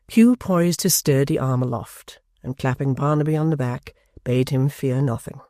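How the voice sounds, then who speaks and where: An audiobook narrator reading a classic novel in a measured, unhurried way. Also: medium pitch, warm tone, no room sound, studio quality. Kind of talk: scripted narration.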